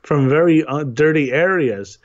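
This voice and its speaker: A man's voice: a little high, a little slow, dull audio. A man co-hosting a casual podcast chat who rambles, restarts his sentences often and swears freely. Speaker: podcast co-host.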